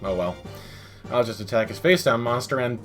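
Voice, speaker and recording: A man's voice: mid-range voice, a little fast, fairly bright tone, soft background music. A man giving a comedic, sarcastic game review voice-over that breaks into exasperated rants, recorded close on a mic.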